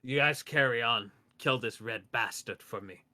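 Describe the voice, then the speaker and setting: Man putting on a gruff old Scottish dwarf. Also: mid-range voice, moderate pace, bright, forceful tone. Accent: put-on Scottish. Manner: huffy, tough, sighing. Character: gruff old male dwarf veteran, weary.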